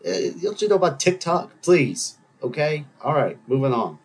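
A man's voice: on the high side, big pitch swings, moderate pace, background noise. Rambling, self-mocking male podcast host. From Greek heritage. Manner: rambling, self-mocking, breaks into laughs and playful voices. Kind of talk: casual solo monologue.

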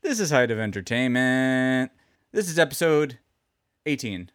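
A man co-hosting a podcast, chatting casually with deadpan jokes. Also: mid-range voice, a little slow, smooth. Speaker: podcast co-host. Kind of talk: casual comedic chat.

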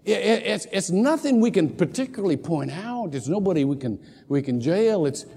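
Animated older pastor in a reverberant church. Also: male voice, high-pitched, normal speed, gravelly, breathy edge. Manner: animated storytelling, jokey asides, repeats words. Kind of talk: sermon. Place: church sanctuary. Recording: long hall reverb.

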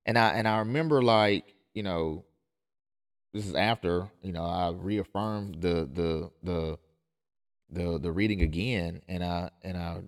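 A man's voice: deep voice, unhurried. Emphatic man pastor hosting a podcast. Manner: emphatic, insistent, repeats and restarts phrases. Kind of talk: impassioned podcast monologue.

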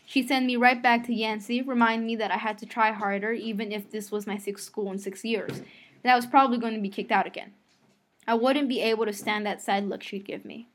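A woman's voice: a little high, brisk. Woman reading a novel aloud. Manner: expressive first-person reading, rereads lines after slips. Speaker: audiobook reader.

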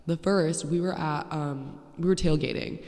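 A woman's voice: deep voice, normal speed, dark tone. Blunt, sarcastic young woman podcaster, echoey. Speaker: podcast host. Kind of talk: casual storytelling monologue. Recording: echoey, poorly placed handheld mic.

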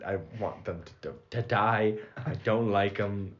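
A young man co-hosting a casual podcast, rambling quickly and laughing often. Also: on the low side, steady tone. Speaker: podcast co-host. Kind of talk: casual chat. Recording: dull lo-fi audio.

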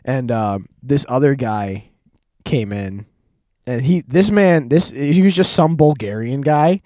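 A man's voice: mid-range voice, animated, slow, warm tone, dry recording, studio quality. A man in his twenties telling a rambling story on a casual podcast, full of fillers and restarts. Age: 20s. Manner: rambling, lots of fillers and restarts, laughs often. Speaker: podcast host.

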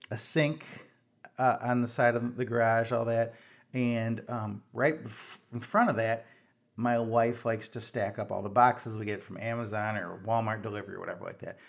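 A man's voice: medium pitch, vocal fry. A middle-aged man, telling a personal story casually to his viewers, chatty and self-mocking, with many fillers and restarts. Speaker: vlogger.

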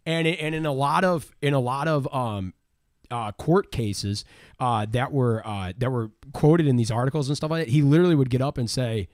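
A man telling a true-crime story in a casual chat, rambling and repeating words as he goes. He swears freely, and his pitch sits in a middle register. The recording is dry and close. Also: normal speed, darkish tone, no echo. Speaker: podcast host, storyteller.

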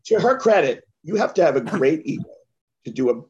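Joking higher-voiced man on a dull line. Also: big pitch swings, a little fast, darkish tone. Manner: joking, rambling, slips into impressions. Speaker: podcast co-host. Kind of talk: casual film discussion.

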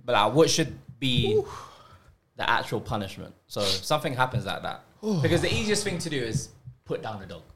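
A man's voice: medium pitch, big pitch swings, brisk, fairly bright tone, slight background noise. A young man, reacting and asking questions in a casual podcast chat. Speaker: podcast co-host.

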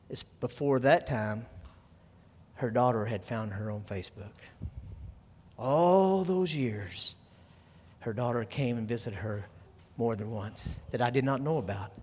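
Fervent preaching man in a reverberant hall. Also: medium pitch. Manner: storytelling, dropping to a hush for sad parts, building to loud fervent preaching. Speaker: pastor. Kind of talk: sermon.

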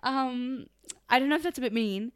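A young woman chats with her friend on a podcast. Her voice sits a little high, and she tends toward exasperated, playful scolding. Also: normal speed, smooth. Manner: chatty, exasperated scolding, laughs. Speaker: podcast co-host. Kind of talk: casual chat.

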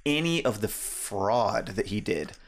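A male podcast co-host in relaxed conversation, mostly backing up his partner with quick agreement and short asides. His pitch jumps around in lively swings as he speaks. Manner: agreeable, chimes in with short affirmations. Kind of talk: casual chat reviewing a documentary.

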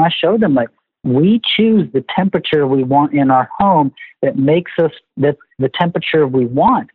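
A man being interviewed, telling family stories in a lively, animated way and acting out what was said. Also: on the high side, dry recording. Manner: animated storyteller, acts out family dialogue. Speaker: guest. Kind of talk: conversational interview. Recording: tinny phone-like line.

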